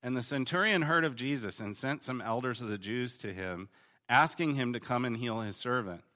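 A man teaching through a Bible passage in a casual, conversational way, paraphrasing the text in slangy voices and swinging between emphatic bursts and quiet reading. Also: medium pitch, moderate pace. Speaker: preacher teaching on the Gospel of Luke.

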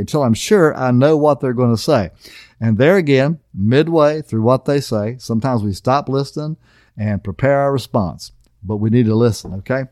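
A middle-aged man gives a conversational sermon in a folksy, down-to-earth way. His pitch sits in an everyday middle range, and he often pauses to ask "okay?". The sound is close and dry. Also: a little mellow, dry recording. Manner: folksy, repeatedly asks "okay?". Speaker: pastor.

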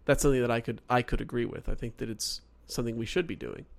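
A man co-hosts a podcast and works through his points carefully, often rephrasing himself. His voice has an ordinary middle pitch. He speaks in an easy, conversational way. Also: vocal fry. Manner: measured, reasons step by step, rephrasing himself. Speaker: podcast co-host. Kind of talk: casual podcast discussion.

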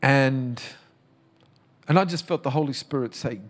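This man preaches a sermon with real fervor, his voice climbing high on each emphatic point. Between those peaks he slips into loose, conversational storytelling, stumbling over his words and starting again. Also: a little slow. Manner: impassioned, emphatic preaching with rising calls; conversational storytelling with repeated restarts. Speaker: pastor.

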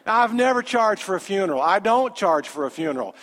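A man, a pastor telling a story in a sermon with animated, conversational quoted dialogue. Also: high-pitched, fairly quick. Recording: long hall reverb.

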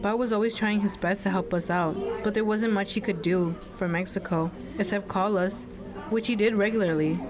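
A woman's voice: medium pitch, steady tone, moderate pace, crowd noise, close to an everyday voice. A young woman voicing an earnest, worried seventeen-year-old girl who also narrates. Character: seventeen-year-old Mexican-American girl, responsible and stressed. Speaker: narrator and lead.

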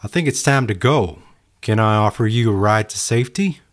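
A man's voice: fairly low pitch, moderate pace, close to an everyday voice. A man voicing an easygoing neighbor who offers a ride to safety. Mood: friendly. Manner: easygoing, helpful. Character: friendly adult male neighbor offering a ride.

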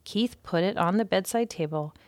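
A woman's voice: lowish voice, moderate pace, darkish tone, no room sound, lightly acted. A woman voicing a proud, eager young male mouse in a storybook reading. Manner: eager, boastful.

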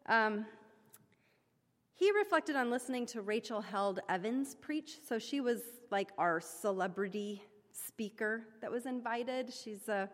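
A woman giving an informal sermon-style report to her congregation, chatty and self-deprecating, with many fillers and restarts. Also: medium pitch. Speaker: church member reporting back to her congregation. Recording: long hall reverb.

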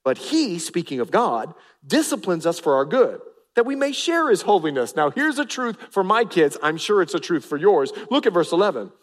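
Animated preacher in a reverberant hall. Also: male voice, high voice, normal speed. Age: middle-aged. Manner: animated preaching, acts out family voices. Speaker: pastor. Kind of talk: sermon. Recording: long reverb of a large hall.

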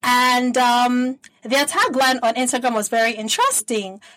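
A woman hosts a casual faith podcast with a voice a little higher than most. She sounds eager and affirming and keeps the talk friendly. The sound is dry and close, with no room echo. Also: normal speed, a bit bright. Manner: enthusiastic, affirming with frequent "I love it". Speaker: podcast host. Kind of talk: casual conversational interview.

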